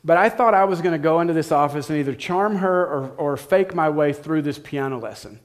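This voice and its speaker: Male pastor, middle-aged, chatty sermon storyteller, a little high. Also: a little fast. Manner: conversational storytelling, addresses listeners directly.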